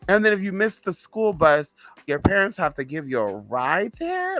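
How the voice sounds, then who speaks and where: A young man from the Southern US, hosting a casual live stream, who talks in a sassy, flamboyant way, calls his viewers honey and drops into low muttered asides. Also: very animated, moderate pace, bright, forceful tone, soft background music.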